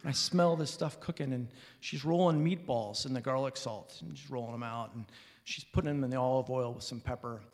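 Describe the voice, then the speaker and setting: A man from Alaska with a medium-pitched voice tells a personal story on stage at a fairly quick clip, animatedly acting out his relatives' lines. He's performing before an audience in a hall, and the recording carries that hall's reverb.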